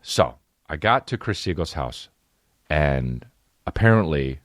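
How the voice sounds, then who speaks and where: A man's voice: very deep voice, animated, unhurried, dry recording, clean studio sound. A man in his late thirties from New Jersey, telling comedic stories as a podcast host in a profane, rambling way. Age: 30s. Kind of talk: comedic storytelling.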